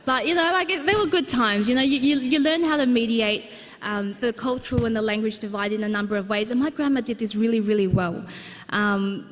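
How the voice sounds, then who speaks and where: A woman giving a humorous, anecdotal personal talk to a live audience, with plenty of fillers. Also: on the high side. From Australia. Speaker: speaker at a book launch. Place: large exhibition hall, live audience. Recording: long hall reverb.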